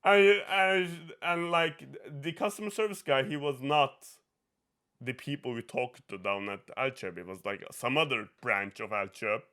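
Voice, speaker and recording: A young man with a Norwegian accent, hosting a podcast and telling an animated story, swearing and laughing often as he acts out what people said. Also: mid-range voice, unhurried, clean tone. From Norway. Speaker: podcast host. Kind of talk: casual chat, storytelling.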